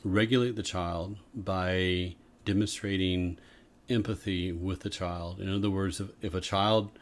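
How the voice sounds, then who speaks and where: A man co-hosting a podcast, explaining ideas in a measured, casual way. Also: sits low, steady tone. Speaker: podcast co-host. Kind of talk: casual conversation.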